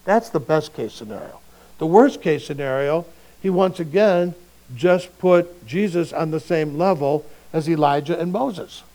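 A male pastor preaching a sermon in a conversational way, swinging between quiet reflection and emphatic bursts. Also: on the high side, unhurried, low-quality recording.

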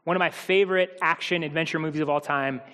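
A man's voice: on the high side, fairly even intonation, fast talker, fairly bright tone. A man preaching a sermon in a humorous, conversational way, speaking directly to the congregation in a church. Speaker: pastor. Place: church hall. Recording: long hall reverb.

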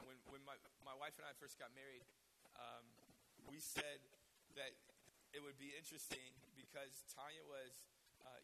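A hoarse man with a raspy voice preaching a sermon, emotional and given to repeating words as he starts a phrase. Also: medium pitch, background noise. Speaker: pastor.

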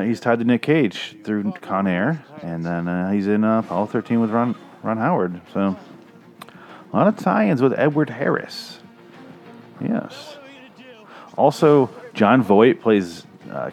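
A man's voice: fairly low pitch, darkish tone. A man giving rambling, crude, sarcastic commentary while watching a movie. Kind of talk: casual profane movie commentary. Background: movie audio playing.

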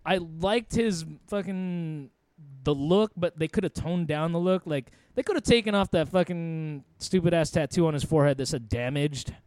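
A man co-hosting a casual podcast, swearing a lot and joking in an animated way. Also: fairly high pitch, moderate pace, dry recording. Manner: profane, animated, jokey. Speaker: podcast co-host. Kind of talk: casual chat.

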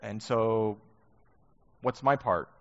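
A man preaching a sermon in a relaxed, conversational way, with many rhetorical questions. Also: fairly low pitch, takes it slowly. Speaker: pastor. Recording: muffled sound with long hall reverb.

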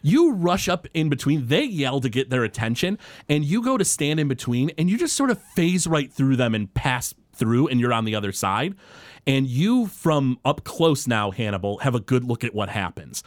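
A man's voice: medium pitch, sing-song, normal speed, dry recording. A man narrating as game master of a tabletop game in a casual, rambling way with many fillers.

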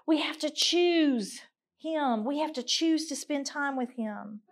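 High-voiced woman preaching to women. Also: unhurried. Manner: direct, candid and earnest. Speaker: women's ministry speaker. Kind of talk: conversational sermon with scripture reading.

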